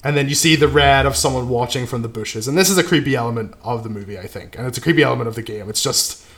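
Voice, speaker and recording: Co-host, man, mid-pitch voice, loose plot recap in casual chat. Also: fast. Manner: loose plot recap, trailing off quietly, frequent "right?" and swearing. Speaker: podcast co-host recapping a film.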